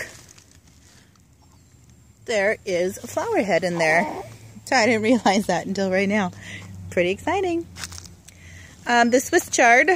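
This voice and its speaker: A young adult woman giving a casual, relaxed tour of her home garden outdoors, talking into a handheld camera with plenty of "uh" and "um". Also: medium pitch, slight background noise. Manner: chatty and relaxed, with frequent "uh" and "um". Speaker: home gardener, channel host.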